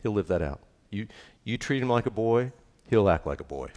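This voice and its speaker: A man's voice: lowish voice, expressive, normal speed, darkish tone. A middle-aged man preaching a sermon on marriage, emphatic and joking, repeating his key lines. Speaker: pastor.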